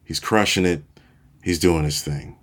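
Podcast host, male, forties: very low voice, unhurried storytelling, relaxed and self-mocking. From Chicago, USA. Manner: relaxed, self-deprecating storyteller, chuckles at himself. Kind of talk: casual storytelling monologue.

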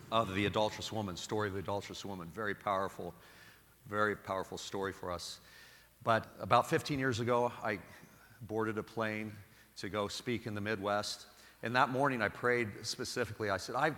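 A middle-aged man, a Catholic priest, preaching a homily with animated, self-deprecating stories. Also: lowish voice, in a large hall.

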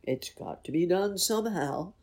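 A woman's voice: on the low side, expressive, normal speed, a little mellow, breathy edge, pitched above the performer's own voice. A woman voicing a cheerful, bold male fairy cat in a storybook, speaking eagerly. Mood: reassuring.

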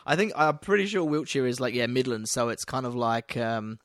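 A man's voice: medium pitch, lively intonation, brisk, few pauses, a bit bright, dry recording, clean studio sound. A man co-hosting a podcast, telling stories in casual banter, rambling, laughing often and swearing freely. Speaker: podcast co-host telling a local history story.

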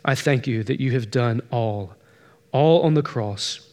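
A man reading the lines of an elderly aunt in a sermon story, choked and tearful, dropping to a quiet prayer. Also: medium pitch, measured pace, big-room sound, close to an everyday voice. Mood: whispered prayer. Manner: choked, tearful, softly praying. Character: proud elderly aunt, weeping, humbled.

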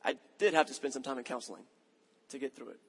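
A man in his thirties, a pastor, preaches a sermon while telling a self-mocking story about himself in a conversational way. His medium-pitched voice is animated, quick, a bit bright and husky, with long hall reverb around it.

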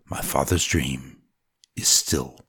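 A man with a deep, husky voice narrates a dramatic story solemnly and deliberately, sometimes sinking to a whisper. The recording is close and dry, with no room sound. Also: bright, forceful tone, dry recording.

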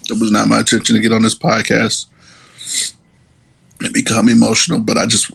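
Gravelly podcast guy, earnest n emotional, keeps stopping n restarting. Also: lowish voice, monotone, a little fast. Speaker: podcast host. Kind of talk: emotional personal monologue.

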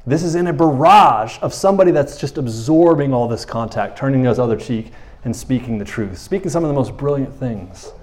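A man preaching in a loose, conversational way, often checking in with his listeners and dropping to a quiet voice for emphasis. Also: medium pitch, expressive, brisk. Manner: conversational, often asks 'you know what I'm saying', drops soft for emphasis. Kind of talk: informal sermon.

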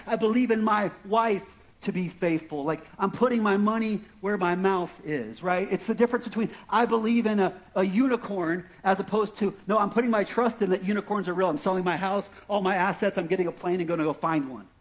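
A man's voice: high-pitched, a little fast, few pauses. A man preaching a sermon in a conversational, self-deprecating way, often checking in with "right?" and "okay?", with an Arizona accent. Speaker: pastor.

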